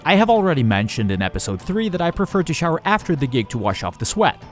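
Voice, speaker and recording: Wry, lively-pitched male vlog narrator. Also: quick pace, faint music behind. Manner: dry, matter-of-fact with wry humor. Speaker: touring drummer and vlogger. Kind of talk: scripted voice-over narration.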